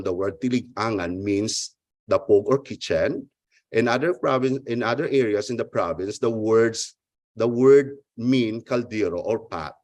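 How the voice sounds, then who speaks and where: A man's voice: mid-range voice, a little mellow, no echo. A man presenting an academic research paper at a conference, reading carefully and stumbling over some words. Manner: halting, restarts words, careful formal reading. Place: online conference talk.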